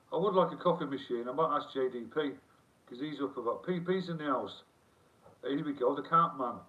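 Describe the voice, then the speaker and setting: This middle-aged livestream host has a mid-range voice and keeps his casual stream loose and chatty, reading the chat aloud and swearing freely as he rambles. The audio is thin and phone-like, with him set back from the microphone.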